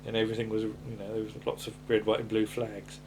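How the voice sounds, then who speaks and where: A man's voice: lowish voice, completely flat delivery, fast talker, darkish tone, slight background noise. A man co-hosting a podcast, chatting casually about an old TV episode and musing aloud with many fillers and restarts. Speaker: podcast co-host.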